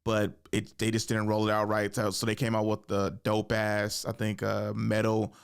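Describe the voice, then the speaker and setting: A man hosting a podcast in animated, profane casual chat, laughing often. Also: lowish voice, normal speed, gravelly, clean tone. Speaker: podcast host.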